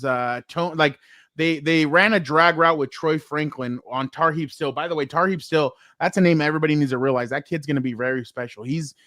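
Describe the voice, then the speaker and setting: A man hosting a casual sports talk show, telling animated stories full of fillers and acted-out quotes. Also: on the high side, dry recording, clean studio sound. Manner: animated storyteller, many likes and fillers.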